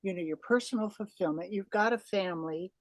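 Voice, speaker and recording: Woman host asking halting questions, dry sound. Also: medium pitch, no room sound. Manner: rambling, halting questions with many fillers. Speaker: podcast host. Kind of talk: interview questions.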